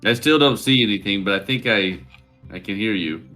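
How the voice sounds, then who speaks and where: A man's voice: on the low side, animated, brisk, sharp tone, soft background music. A man playing a tabletop game, talking in a conversational, somewhat hesitant way. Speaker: player. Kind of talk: tabletop role-play.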